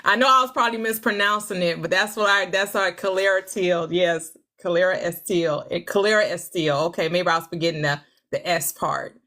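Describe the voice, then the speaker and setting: A woman in her forties hosting a casual livestream, laughing often as she answers viewer comments and tries out halting schoolbook French. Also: medium pitch, pushed and bright. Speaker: livestream host. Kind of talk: casual live chat reading viewer comments.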